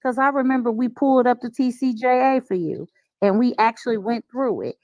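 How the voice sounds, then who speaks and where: A woman's voice: on the high side, brisk, darkish tone, dry recording, muffled recording. A woman hosting a live debate panel, talking in a blunt, challenging way. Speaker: live stream panel host. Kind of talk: casual debate chat.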